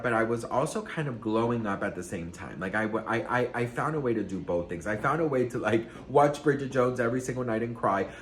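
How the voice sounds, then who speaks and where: A man's voice: mid-range voice, fairly bright tone, slight background noise. A man hosting a casual celebrity gossip vlog, sassy and dramatic, swearing freely, recorded with room echo. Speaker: gossip vlogger.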